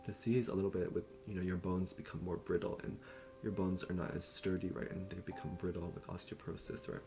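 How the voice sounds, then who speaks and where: A young man with a very low voice talks through a book summary in a loose, chatty way, correcting himself and filling pauses as he goes. Guitar music plays clearly behind him. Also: fairly even intonation. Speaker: book reviewer.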